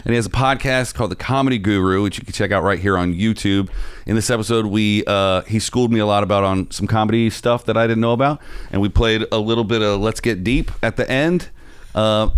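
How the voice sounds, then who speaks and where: A man hosting a podcast, giving a brisk upbeat intro and then chatting casually with his guest. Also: lowish voice, smooth. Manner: upbeat show intro, then easygoing listener. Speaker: podcast host. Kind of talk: casual interview chat.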